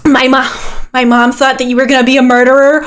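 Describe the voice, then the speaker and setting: A woman voicing an eager, awkward young man with a tail who rambles excitedly. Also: sits high, fast talker, smooth, natural voice.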